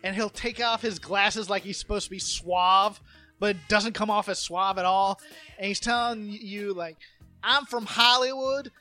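A man co-hosting a podcast, rambling and animated as he tells stories and does quick impressions. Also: high voice, soft background music. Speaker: podcast co-host. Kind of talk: casual chat.

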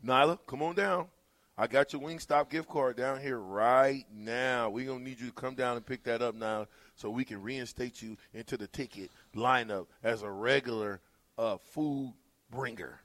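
A man's voice: mid-range voice, moderate pace, no room sound. A man hosting a sports talk radio show, bantering and laughing with his co-hosts in the studio. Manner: animated, laughing, playful teasing.

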